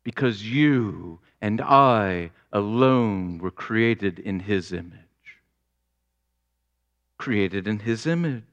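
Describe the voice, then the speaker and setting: A man preaching a sermon as pastor, deliberate, building to fervent exclamations. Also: fairly low pitch, animated, a bit bright, highs cut off.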